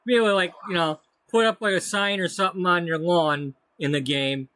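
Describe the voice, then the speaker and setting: A man's voice: high voice, steady tone, a little fast, bright, forceful tone, smooth, dry recording. A man giving casual, rambling commentary as he plays a life-sim game. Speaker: let's play host.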